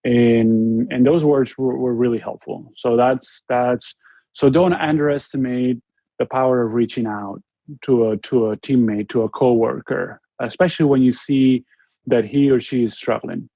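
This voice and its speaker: A man in his forties with a Spanish accent tells a story as an interview guest, earnest and halting, often restarting his sentences. His voice sits at an ordinary middle pitch. The recording is dull and lo-fi, with a dry, close sound. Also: creaky, warm tone, dry recording. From Spain. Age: 40s. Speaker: interview guest, former basketball player.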